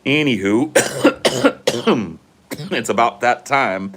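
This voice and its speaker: A man's voice: mid-range voice, a bit bright, breathy edge. A man hosting a casual solo podcast outdoors, talking bluntly and sardonically with plenty of swearing. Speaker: podcast host. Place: outdoors, smoking before going in.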